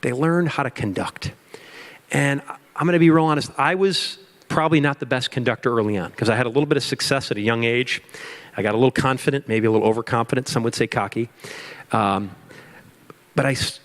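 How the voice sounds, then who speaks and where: A man giving a motivational keynote to an audience, with emphatic repetition and storytelling. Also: medium pitch. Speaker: keynote speaker. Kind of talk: motivational speech.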